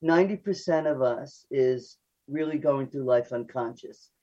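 Older female analyst guest; quick, chatty, self-deprecating; muffled lo-fi radio line. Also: rumbling low, mellow. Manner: fast, chatty, laughs at herself. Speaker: psychoanalyst guest. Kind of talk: radio interview. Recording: dull lo-fi radio audio.

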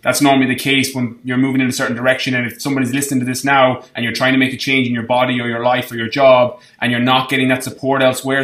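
A man's voice: medium pitch, fairly bright tone, reverberant. A man hosting a podcast, encouraging his guest and often chiming in to agree. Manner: encouraging, with frequent agreeing interjections. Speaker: podcast host. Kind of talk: casual interview chat.

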